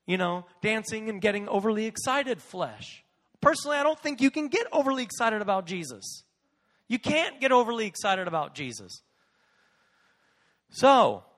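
A man preaching in a high, lively voice that swoops up and down as he hammers on his points and says them again and again. His sermon rings through a church sanctuary with a long, echoing reverb. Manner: animated, emphatic, repeats key phrases. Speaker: pastor.

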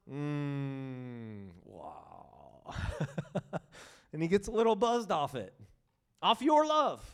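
A man preaching a sermon with passion, swinging between loud excitement and hushed, tender reading. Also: on the high side.

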